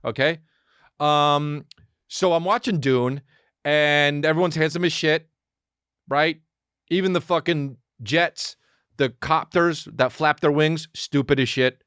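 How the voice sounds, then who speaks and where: A man hosting a podcast, riffing in a rambling comic monologue, excitable and profane, with quick acted asides. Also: on the high side, clean tone, no room sound, clean studio sound. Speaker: podcast host.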